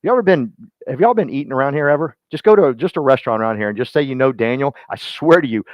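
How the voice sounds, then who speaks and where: A man's voice: medium pitch, lively intonation, fast talker, no room sound. Folksy man giving a team pep talk. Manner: folksy, rambling, calls on listeners by name. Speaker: team leader speaking to his real estate agents. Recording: dull lo-fi dry sound.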